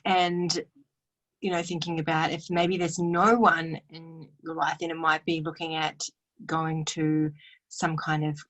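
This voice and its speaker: A woman relationship coach answering as a podcast guest, measured and advisory. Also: deep voice, flat delivery, fairly bright tone, poor audio. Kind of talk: interview answer.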